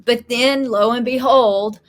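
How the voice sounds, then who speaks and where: A woman co-hosting a podcast, chatting in an animated way and acting out her own reactions. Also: on the high side, takes it slowly. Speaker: podcast co-host. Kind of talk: casual podcast conversation.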